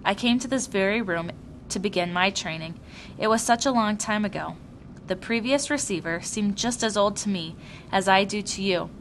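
A woman reading a weary, gentle old man. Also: mid-range voice, moderate pace, a little hiss or hum, lightly acted. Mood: grave.

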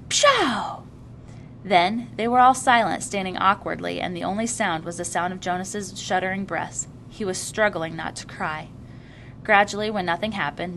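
A woman narrating a novel aloud with expressive reading. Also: mid-range voice, a little hiss or hum.

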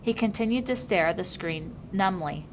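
A woman reading a novel aloud in a measured, even storytelling manner. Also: mid-range voice, slight background noise. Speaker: audiobook reader.

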